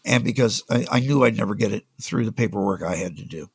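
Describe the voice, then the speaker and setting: An older man, a music business guest on a podcast, telling animated stories and acting out the people he quotes. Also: fairly low pitch, fast talker, hardly any pauses, breathy edge, no room sound. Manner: animated anecdotes, acts out quoted voices. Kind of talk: storytelling in a casual interview.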